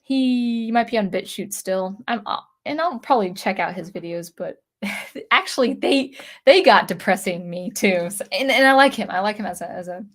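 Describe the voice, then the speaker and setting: A woman's voice: medium pitch, moderate pace. Brief: woman host, casual chat, earnest and rambling, stumbles over repeated words, mid-range voice. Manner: indignant. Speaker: channel host. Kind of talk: casual livestream chat reading viewer comments.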